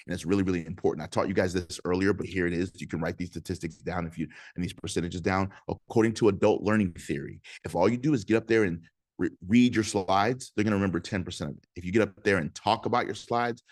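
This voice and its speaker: A man with a lowish voice coaches speakers over a video call, punchy and energetic. He keeps checking in with his listeners and pulls them into call and response. The sound is dry and close, with no room around it. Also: no room sound. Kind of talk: motivational teaching talk on a video call.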